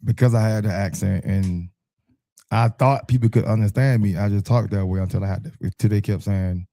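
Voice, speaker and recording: Alabama-accented man, warm and mellow, dry close sound, measured talker. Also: on the low side, fairly even intonation, no room sound. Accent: Alabama Southern US. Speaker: radio show co-host. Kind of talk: casual chat.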